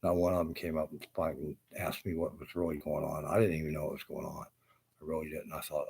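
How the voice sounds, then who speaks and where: A man with a rumbling low, gravelly, husky and slightly mellow voice speaks fairly quickly in a flat delivery. He works as a carpenter and is ranting to camera, casually profane and bitter, rambling with restarts and asides.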